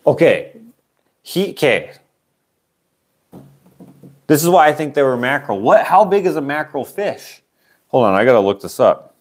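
A man's voice: mid-range voice, sing-song, moderate pace, pauses often. A man in his late twenties, hosting a livestream and telling a rambling story with a microphone on, often breaking off on tangents. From Canada. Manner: chatty, wanders off on tangents, self-interrupting. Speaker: livestream auction host. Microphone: wearing a microphone.

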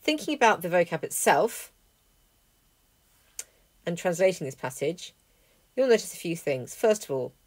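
A woman teaching a language lesson, explaining clearly and methodically, working through a text word by word. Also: lowish voice, very animated, moderate pace, pauses often, no echo. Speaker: Greek teacher. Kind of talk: lesson walkthrough.

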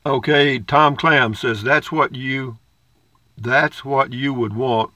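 A man's voice: medium pitch, steady tone, slow, sharp tone, dry recording. An older man reads viewer comments aloud in a folksy, rambling way with dry humor. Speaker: vlogger reading viewer comments. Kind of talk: casual comment-reading chat.

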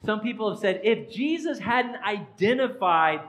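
A man's voice: high-pitched, expressive, normal speed, a bit bright, rough recording. A man, a pastor, giving an interactive sermon in a church and quizzing the congregation by name in a playful way. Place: church sanctuary.

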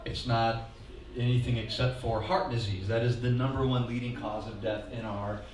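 Lively preacher in an echoey hall. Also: male voice, medium pitch, moderate pace, slight background noise. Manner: animated, leads call-and-response, asks the congregation to repeat lines. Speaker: pastor. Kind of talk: lively sermon. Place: church hall. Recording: echoey hall, mic heard from a distance.

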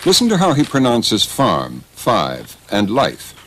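A man giving scripted documentary narration with an expressive, rising and falling delivery. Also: on the low side, takes it slowly, a little hiss or hum.

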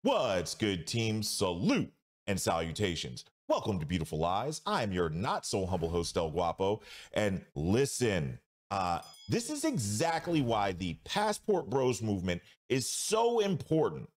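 A man hosting a reaction commentary show, talking emphatically and reacting with drawn-out exclamations. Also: lowish voice, wildly swooping pitch. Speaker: host.

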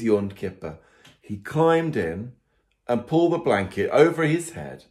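A man's voice: medium pitch, a little slow. A man, a priest reading a story to small children and getting them to count along. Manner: animated, asks the children questions and counts along.

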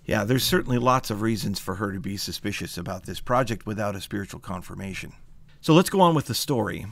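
A man reads a scripture history account aloud, steady and measured like a storyteller. His voice sits fairly low. The sound is dry and close, with no room around it. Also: creaky, no echo. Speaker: co-host of a scripture study show.

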